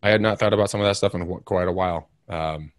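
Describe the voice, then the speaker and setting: Male interview guest, low voice, dry close sound, emphatic and rambling, gets louder when fired up. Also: fast talker, no room sound. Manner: energetic, rambling, emphatic, with self-mocking asides. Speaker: realtor and podcast co-host, interview guest. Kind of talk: candid interview storytelling.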